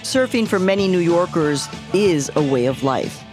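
A woman's voice: fairly low pitch, expressive, moderate pace, over music. Wry woman radio reporter. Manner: wry, playful delivery. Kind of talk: scripted feature narration.

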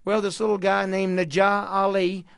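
A man, a boxing coach telling stories in an interview in a folksy, animated way, acting out the dialogue. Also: sits high, normal speed, creaky, dry recording, clean studio sound. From Houston, Texas. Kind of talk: storytelling interview.

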